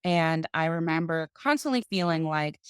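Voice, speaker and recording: A woman guest on a podcast, telling her own story in an animated conversational way. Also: low-pitched, normal speed, smooth, no echo, clean studio sound. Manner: animated, acts out other people's voices in quotes.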